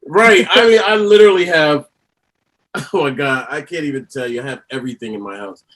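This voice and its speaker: A man telling stories as a podcast guest, animated and laughing often. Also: a little high, a little fast. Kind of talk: casual interview chat.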